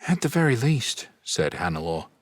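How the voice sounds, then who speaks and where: A man's voice: on the low side, big pitch swings, normal speed, dry recording, pitched above the performer's own voice. A man voicing a middle-aged woman, a former empress, who speaks anxiously. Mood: worried. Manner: anxious, fretful.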